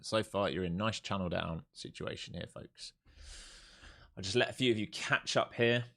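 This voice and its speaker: A man's voice: on the low side, normal speed, gravelly, sharp tone. Man calling trades on a live stream. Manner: jokey, repetitive, urging. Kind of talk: live trading commentary.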